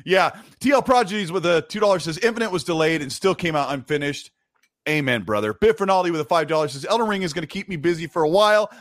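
A man hosting a relaxed gaming livestream, with a slightly raised, upbeat voice. He reads viewer messages and tells stories with a laugh. The sound is dry and close. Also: on the high side, fast talker, dry recording. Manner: laughing, animated storytelling. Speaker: podcast host reading viewer messages. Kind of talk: casual livestream chat.

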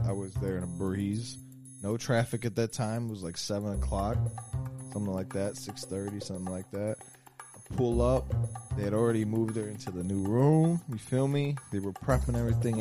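A man with a fairly low voice spins a story in loose, slangy talk, breaking into laughs and acting out the people in it. Music plays clearly in the background. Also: fairly quick. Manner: slangy, laughing, acts out quotes. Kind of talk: casual storytelling chat.

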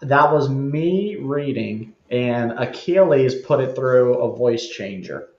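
A man with a mid-pitched voice talks as a guest, wry and talkative. His voice comes over roomy, dull remote audio. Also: lively intonation, slow, a little mellow. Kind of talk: casual chat.

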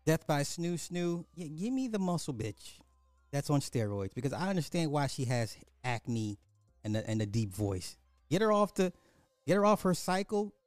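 A man's voice: fairly high pitch, lively intonation, moderate pace, dry recording, faint music behind. A man giving reaction commentary, rambling and trailing off mid-sentence.

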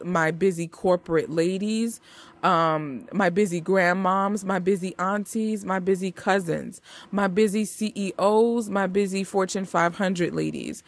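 A woman hosting a casual movie-review podcast, chatty and hyped, talking straight to her listeners. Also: medium pitch. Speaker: podcast host.

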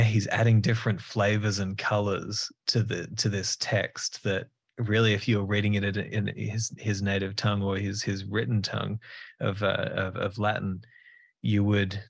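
Earnest, low-voiced man host. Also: vocal fry. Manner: earnest, effusive, with repeated restarts. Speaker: podcast host. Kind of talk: conversational podcast discussion.

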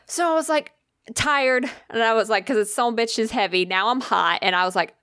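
A woman's voice: a little high, brisk, fairly bright tone, clear, resonant tone, dry recording. A woman in casual chat tells a story with lots of swearing and acted-out quotes. Her voice is very dry and close, with no room sound around it.

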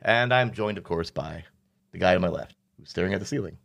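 As game master on a tabletop game podcast, a man chats casually, joking around with playful asides while walking the players through the rules step by step. His voice is low-pitched and a bit bright with vocal fry, and he talks a little fast.

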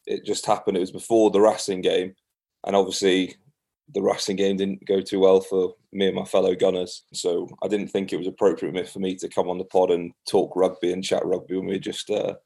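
Low gravelly Englishman, flat delivery. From England. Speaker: guest rugby player. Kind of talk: casual podcast interview.

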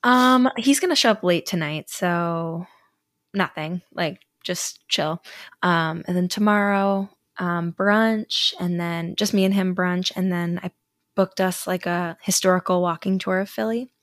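A woman in her thirties co-hosts a podcast, speaking at a fairly low pitch and a measured pace. She chats casually and rambles, leaning on lots of fillers. The studio recording is clean with no echo.

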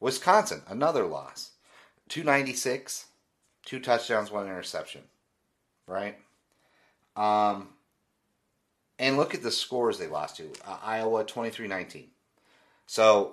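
Opinionated man ranting about football. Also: on the low side. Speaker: podcast host. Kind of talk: solo sports podcast commentary.

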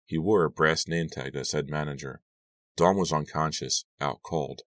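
A man narrating a first-person audiobook in a steady, even storytelling manner. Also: a bass voice, normal speed, dry recording, clean studio sound, recorded from a distance.

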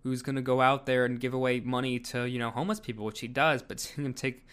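A man's voice: mid-range voice, steady tone, quick pace, fairly bright tone, smooth. A man giving casual video commentary, rambling with lots of fillers. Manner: rambling, filler-heavy delivery.

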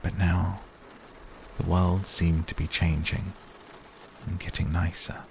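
Male narrator, soft bedtime audiobook, very low voice, gravelly, faint rain behind. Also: slow pace, slight background noise. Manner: soft, calm, even. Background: rain sounds.

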